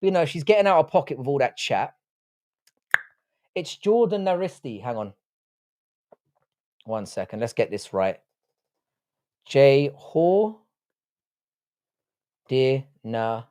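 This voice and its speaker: A man's voice: medium pitch, moderate pace, long pauses, darkish tone. A young man chats loosely on a livestream, reading out comments and tossing off crude jokes as he rambles. His voice sits in an ordinary middle register. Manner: rambling, crude and jokey, reads chat aloud. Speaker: livestream host. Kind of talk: casual livestream chat.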